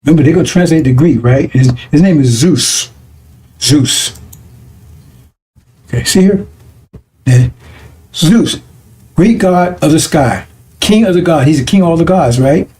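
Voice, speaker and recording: Man preaching, mellow tone, a bit high, conversational, keeps checking in with listeners. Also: lively intonation, measured pace, long pauses. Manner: conversational, repeats 'right?' and 'see?' to check listeners. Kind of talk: broadcast sermon teaching.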